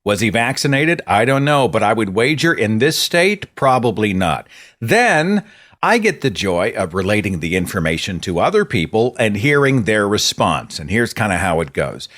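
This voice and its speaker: Man, middle-aged, podcast host, low pitch, lively intonation, exasperated, impassioned. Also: normal speed. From Oklahoma, USA. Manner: animated and impassioned, swings between dry asides and exasperated outbursts. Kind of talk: monologue.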